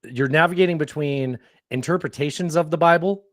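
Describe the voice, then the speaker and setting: A man's voice: on the high side, a little fast, dry recording, clean studio sound. A man co-hosting a comedy podcast, rambling and swearing in casual chat. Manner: rambling, profane, jokey. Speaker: podcast co-host.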